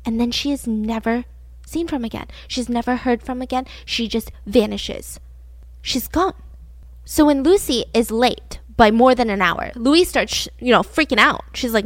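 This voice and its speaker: Woman host, slightly high voice, dry close sound, casual crime storyteller. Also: moderate pace, no echo. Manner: chatty, peppered with "like", acts out quotes.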